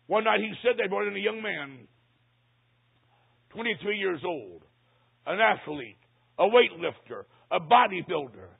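An older man, a pastor, telling a story in a dramatic sermon, swinging from hushed to loud. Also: sits high, sing-song, a little slow, creaky, long pauses, husky. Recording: tinny phone-like recording.

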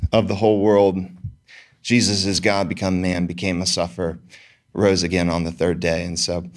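A man with a fairly low voice puts a question to the panel. He speaks earnestly and a little hesitantly, working up to his point. He introduces himself as a biblical counselor.

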